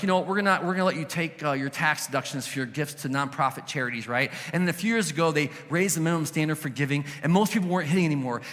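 Bright-voiced man preaching in a hall. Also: a little high. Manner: conversational, animated storytelling with quoted voices. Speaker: pastor. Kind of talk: sermon.

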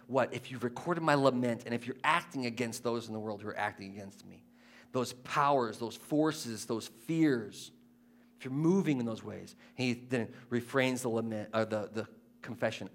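A man preaching a sermon, moving between quiet, conversational asides and loud, impassioned scripture readings, often asking the listeners questions. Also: medium pitch, moderate pace. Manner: conversational, asks the audience questions.

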